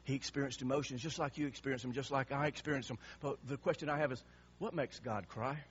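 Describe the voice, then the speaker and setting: A man's voice: medium pitch, fairly even intonation, fast, lo-fi sound, a little hiss or hum. A male pastor preaching an impassioned sermon, emphatic and repeating words for effect.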